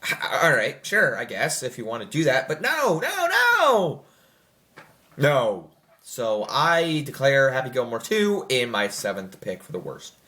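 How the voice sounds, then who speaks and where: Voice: mid-range voice, big pitch swings, moderate pace, hardly any pauses, sharp tone. A young adult film reviewer in casual, rambling commentary, full of fillers and self-corrections, who slips into mocking quoted voices.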